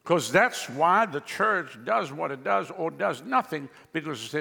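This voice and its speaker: A man preaching a sermon as pastor, animated, with sweeping pitch jumps and chuckling asides. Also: unhurried, gravelly, husky, in a large hall.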